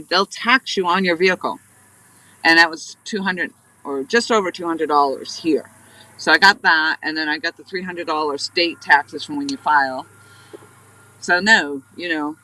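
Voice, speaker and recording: A woman's voice: sits low, sharp tone, poor audio. A woman from New Hampshire hosting a casual live stream while fishing, rambling through stories and greeting viewers by name. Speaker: livestream host. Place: outdoors on a riverbank, fishing.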